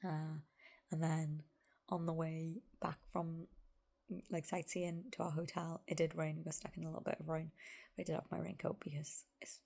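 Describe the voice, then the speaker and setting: A woman, talking through a casual vlog in a rambling, chatty way with plenty of fillers and side notes. Her voice sits on the low side with a gravelly fry, and she often sinks into a soft whisper. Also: flat delivery, moderate pace. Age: 30s. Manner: chatty and rambling, full of "like" and asides. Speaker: vlogger. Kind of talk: casual vlog chat to camera.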